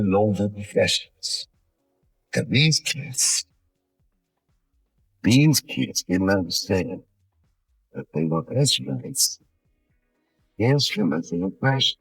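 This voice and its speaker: A man giving a public speech in a halting, earnest way, recorded from a distant mic with faint music behind. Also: lowish voice, slightly rough, no echo. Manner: halting, restarts, speaks earnestly.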